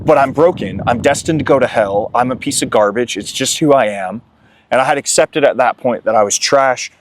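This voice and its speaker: A man's voice: mid-range voice, brisk. A young man sharing his recovery story in a candid, emotional way as an interview guest. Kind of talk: candid testimony.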